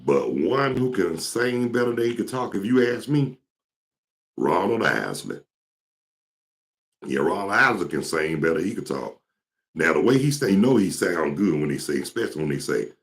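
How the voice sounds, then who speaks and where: A man's voice: deep voice, very animated, normal speed. A man from Georgia, hosting his talk show in a casual, rambling storytelling way. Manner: rambling, storytelling, mimics singers.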